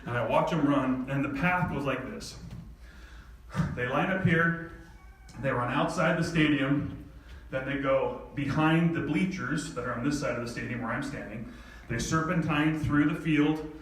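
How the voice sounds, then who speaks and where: A man telling a personal story to an audience in an animated way, laughing often. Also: medium pitch, moderate pace. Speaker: speaker. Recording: echoey hall from far off, faint ambience.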